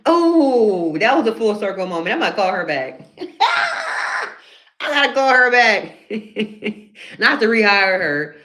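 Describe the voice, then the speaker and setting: A woman's voice: mid-range voice, fairly bright tone. A woman chatting casually on a phone live stream, laughing often and calling her viewers honey. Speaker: comedian hosting a live stream.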